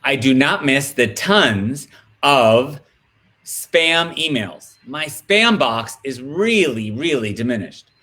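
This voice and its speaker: A man talking as a guest in a casual video-call chat, animated and rambling in his storytelling. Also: medium pitch, takes it slowly.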